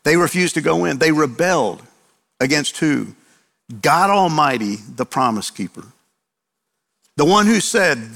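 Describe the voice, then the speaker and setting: A middle-aged man preaches in an animated way, his voice pitched a little high and trailing a long reverb through a church hall. He fires off rhetorical questions and acts out the quotes he reads. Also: unhurried, gravelly, pauses often. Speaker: pastor. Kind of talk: sermon.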